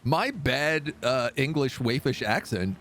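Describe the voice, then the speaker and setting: A man's voice: medium pitch, animated, slow pace, a bit bright, slight background noise. A man streaming a pirate game live, joking around and reading the game's story text aloud. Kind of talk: live gameplay commentary.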